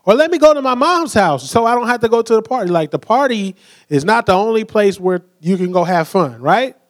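A man's voice: sits high, expressive, brisk. A young man preaching a sermon with energy, acting out quoted voices and asking the crowd to say words back.

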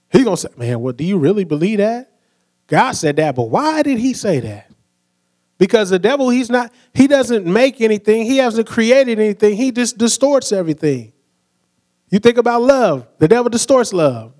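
High-voiced guy preaching, chatty sermon style, keeps going "right?". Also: a little mellow. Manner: conversational preaching, asks the crowd questions, acts out quotes.

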